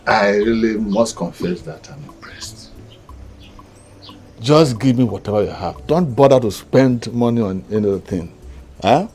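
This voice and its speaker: A man's voice: fairly low pitch, lively intonation, unhurried, darkish tone, slight background noise. An actor playing a middle-aged uncle with a Nigerian accent who gladly blesses his niece's marriage. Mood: pleased.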